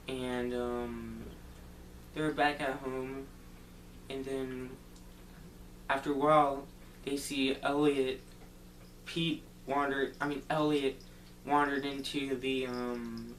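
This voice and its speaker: Slow, rambling man in an echoey room. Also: mid-range voice, a bit bright. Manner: rambling, loose retelling full of "like" and "um". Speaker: movie reviewer. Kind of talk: casual spoken movie recap. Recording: roomy echo, distant mic, faint hum.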